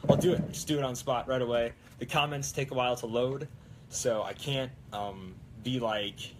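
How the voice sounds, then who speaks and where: A man's voice: mid-range voice, a little fast, background noise. A young man hosting a prop-building live stream, chatting casually and rambling with plenty of fillers. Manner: rambling, lots of fillers and restarts.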